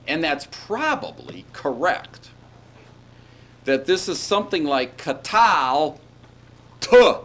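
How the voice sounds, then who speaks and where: A man's voice: a little high, a bit bright. A man teaching a grammar class in a chatty, digressive way, often checking in with "all right?". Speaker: Hebrew grammar lecturer. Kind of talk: classroom lecture.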